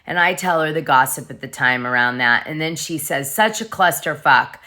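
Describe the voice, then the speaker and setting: A woman's voice: rumbling low, a little fast, bright, forceful tone. A woman hosting a casual gossip vlog, chatty and profane, reading messages aloud as she goes. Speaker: gossip show host.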